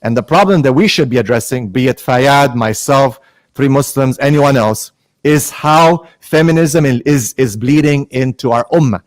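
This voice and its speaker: A man's voice: mid-range voice, normal speed, no echo. A man arguing his side in a heated online debate, pointedly mixing Arabic religious terms into his speech.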